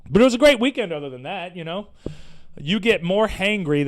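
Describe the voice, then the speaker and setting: A man hosting a podcast, delivering an animated, profane, sarcastic rant in casual slangy talk. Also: sits high, fairly quick. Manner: animated, profane, exasperated ranting. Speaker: podcast host. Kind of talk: casual ranting monologue.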